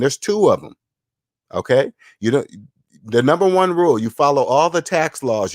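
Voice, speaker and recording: In clean studio audio with no room sound, a man with a medium-pitched voice hosts a money channel. He lectures through a casual livestream, repeating himself emphatically and responding to viewers in chat.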